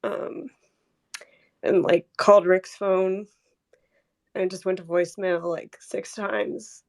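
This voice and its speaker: A woman's voice: medium pitch, a little slow, creaky, pauses often. A woman talking in a casual group conversation, rambling with lots of fillers and emotion as she remembers a friend. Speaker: community member sharing memories.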